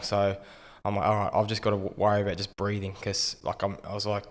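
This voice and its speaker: An Australian man in his thirties, a retired rugby league player, telling his story in a relaxed, understated way with frequent ums. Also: fairly low pitch, fast talker, few pauses, big-room sound. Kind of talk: casual interview storytelling.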